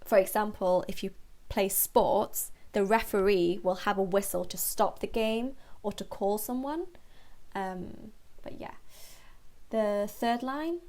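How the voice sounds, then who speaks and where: A woman tutor reads a children's book aloud and patiently explains its words, pausing often and using many fillers. Her voice is medium in pitch and a little mellow.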